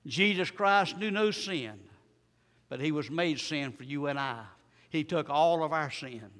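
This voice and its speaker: A male preacher, delivering a sermon with repeated rhetorical questions and dramatic swings from loud to soft. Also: a little high, measured pace. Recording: long hall reverb.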